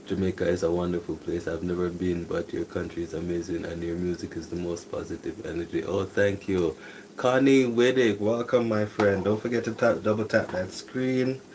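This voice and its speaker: A man hosting a live cooking stream, talking softly and casually to viewers while he cooks breakfast. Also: low-pitched, brisk, hardly any pauses, slight background noise, low-quality recording. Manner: talks softly, relaxed and chatty. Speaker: cooking channel host. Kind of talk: soft-spoken live cooking stream chat. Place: home kitchen with cooking noise behind.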